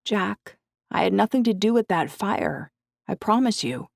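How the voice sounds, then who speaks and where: A woman reading as a teenage girl with a fiery temper, her voice lifted high above the narration. She pleads and snaps defensively. The sound is dry and close. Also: big pitch swings, unhurried, vocal fry, a little mellow, no room sound, heavily acted. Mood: pleading.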